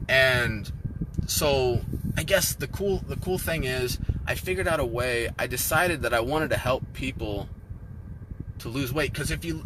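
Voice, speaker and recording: Animated man ranting on a noisy stream. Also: fairly high pitch. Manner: animated, ranting, repeats himself. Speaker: weight loss coach. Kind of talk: casual live stream talk.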